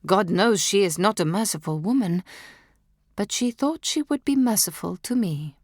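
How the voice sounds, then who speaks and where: A woman's voice: medium pitch, lively intonation, moderate pace, darkish tone, dry recording, studio quality. A woman narrating a historical novel in the first person, with dramatic, emotive delivery that drops into whispers at tense moments. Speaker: audiobook narrator.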